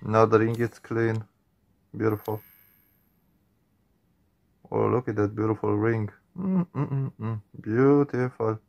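A man's voice: fairly low pitch, fairly even intonation, slow, vocal fry, pauses often, darkish tone, muffled recording. A man doing reaction commentary on a horror game, jumpy and on edge, swearing often and addressing viewers as man and guys. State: nervous, on edge. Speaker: gaming channel host.

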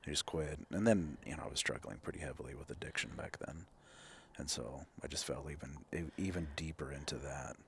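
A man's voice: a bass voice, brisk, fairly bright tone, a little hiss or hum. A man in his thirties, a counselor hosting a candid conversation, reflective, with many fillers and restarts. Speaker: clinical counselor and host.

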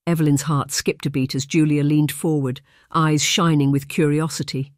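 Steady audiobook narrator, dry close sound. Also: medium pitch, moderate pace, few pauses, no room sound. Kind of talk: scripted narration.

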